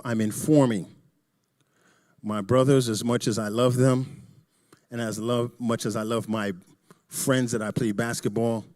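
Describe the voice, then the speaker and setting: Man, middle-aged, church talk, frank and joking, loud emphasis, quiet asides, middle pitch. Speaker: church presenter. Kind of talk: candid talk to a church audience.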